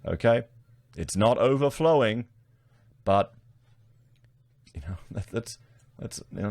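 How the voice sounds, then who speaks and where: A man's voice: lowish voice, lively intonation, unhurried, vocal fry, long pauses, darkish tone, no echo. Blunt Australian man chatting to viewers. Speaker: political commentary YouTuber. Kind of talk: casual commentary to camera.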